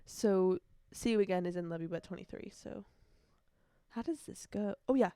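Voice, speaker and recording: A woman's voice: medium pitch, moderate pace, warm tone, smooth, dry recording. A young woman hosting her own casual podcast, rambling chattily and breaking into snatches of song. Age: young adult. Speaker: podcast host. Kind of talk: casual solo podcast chat. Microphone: earbuds.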